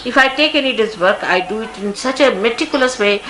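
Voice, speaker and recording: At a large indoor gathering, a spiritual teacher, an older woman with an Indian English accent, speaks briskly in a somewhat high voice with lively intonation; the recording is rough. Her talk wanders through anecdotes and asides in a conversational way, peppered with "you see".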